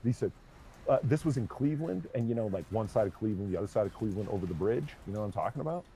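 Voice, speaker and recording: A man streaming a game, chatting casually and telling an animated story, swearing freely. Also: lowish voice, very fast, slight background noise. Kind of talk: casual chat while gaming.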